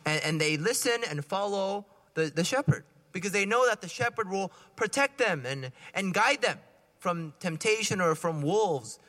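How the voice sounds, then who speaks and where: A man preaching a sermon in a conversational, animated way, acting out little scenes as he talks. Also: high-pitched. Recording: reverberant hall.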